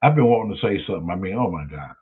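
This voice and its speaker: Profane, lively man on a tinny line. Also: deep voice, racing. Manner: profane, animated, loud storyteller. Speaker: show host. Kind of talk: casual livestream storytelling. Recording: tinny phone-like sound.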